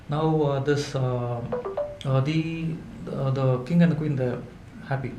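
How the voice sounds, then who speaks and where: A man, telling folk tales to a live audience in a halting way, with many fillers and restarts. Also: medium pitch, steady tone. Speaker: storyteller. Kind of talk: live folklore storytelling. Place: event hall indoors. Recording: echoey room with faint hum.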